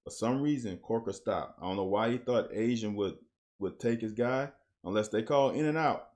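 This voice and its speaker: A man's voice: mid-range voice, normal speed. Blunt man breaking down football film. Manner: coach-like, blunt, animated on big plays. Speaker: host breaking down game film. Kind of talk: casual football film commentary.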